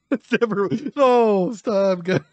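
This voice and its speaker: A man's voice: high-pitched, very slow, no echo, muffled recording. A man giving casual reaction commentary as a streamer, emotional, laughing often and swearing.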